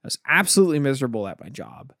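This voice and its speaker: A man's voice: medium pitch, rapid-fire, dry recording. Man telling stories animatedly, dry close sound. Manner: animated storyteller, acts out quotes. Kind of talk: casual chat.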